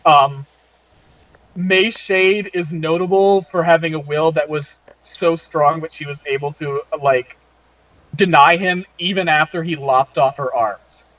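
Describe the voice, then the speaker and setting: A man's voice: on the high side, steady tone, a little slow, fairly bright tone, no echo. A man narrating a tabletop game as game master, explaining rules and story with lots of fillers. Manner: rambling, explanatory, many fillers. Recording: dull lo-fi dry sound.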